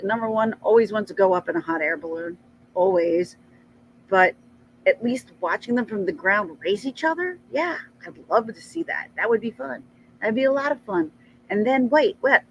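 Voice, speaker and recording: A middle-aged woman telling a rambling personal story in a casual vlog, chatty and animated. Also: slight background noise, poor audio. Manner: chatty, rambling, animated with frequent jumps in pitch. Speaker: vlogger.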